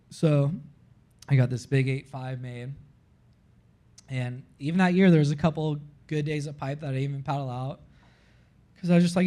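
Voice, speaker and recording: A man from Florida, a guest on a live podcast, telling a long story in an animated way, peppered with "like" and acting out what people said. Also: medium pitch, moderate pace, pauses often. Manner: animated, heavy use of "like", acts out his own quotes.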